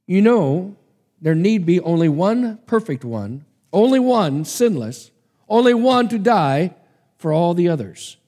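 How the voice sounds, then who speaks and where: A man's voice: high-pitched, big pitch swings, measured pace, mellow, voice pushed up, full character voice. God the Father, stern and loving, read by a preacher. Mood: commanding. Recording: long hall reverb.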